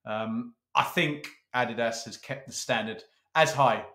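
A man hosting a casual chat, teasing his co-host in a playful, brisk way. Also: mid-range voice, pushed and bright, echoey room. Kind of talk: casual chat ranking football kits.

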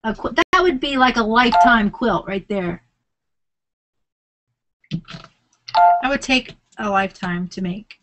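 A woman's voice: fairly high pitch, slow, pauses often, background noise. A middle-aged woman chatting casually at home in a crafting vlog, laughing often. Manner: chatty, laughs often, squeals when startled. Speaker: crafting vlogger.

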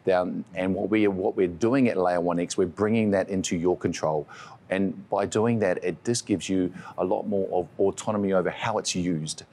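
Deep-voiced New Zealand man. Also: steady tone, moderate pace, warm tone. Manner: earnest, explanatory, with frequent restarts. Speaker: tech company executive. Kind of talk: interview answers.

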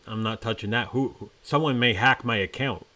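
A man's voice: medium pitch, a little fast, bright, forceful tone. A man co-hosting a casual chat show, playfully reading viewer comments aloud.

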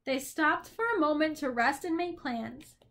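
A woman reading a children's novel aloud with expressive storytelling. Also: high-pitched, unhurried. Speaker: narrator.

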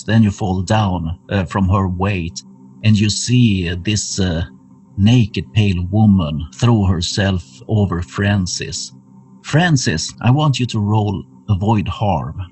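A man narrating a tabletop horror game as game master, measured and full of uh fillers. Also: lowish voice, darkish tone, low-quality recording.

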